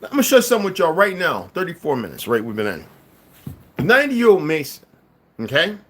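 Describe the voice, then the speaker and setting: A man speaking live to his viewers in a combative monologue, dropping to low mutters and rising to loud, emphatic outbursts, with occasional laughs and repeated words. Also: wildly swooping pitch, fairly quick. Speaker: livestream commentator.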